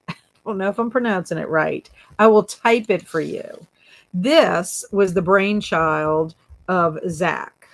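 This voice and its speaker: A woman's voice: lowish voice, slow, vocal fry. A woman hosting a casual livestream, giggling often as she reads viewer comments aloud and teases her chat. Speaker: booktube livestream host.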